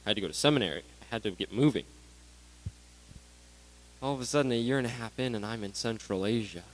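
A man in his twenties giving a sermon to graduates, animated, swinging between loud bursts and hushed asides. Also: fairly low pitch, fast, rough recording. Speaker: graduation speaker.

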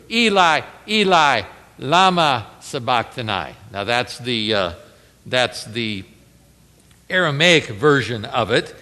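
Animated preacher in a reverberant hall. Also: male voice, medium pitch. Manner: conversational and animated, reads scripture with rising intensity. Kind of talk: expository Bible sermon.

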